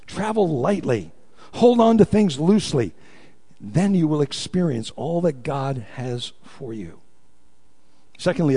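A pastor with a somewhat high, darkish voice delivers a sermon, with a long reverb tail trailing his words. He tells stories and poses questions to his congregation, pulling them into call-and-response.

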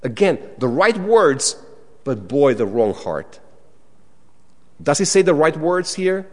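A man preaching a sermon, animated and dramatic, acting out quoted prayers in a raised voice. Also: a little high, slow. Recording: long hall reverb.

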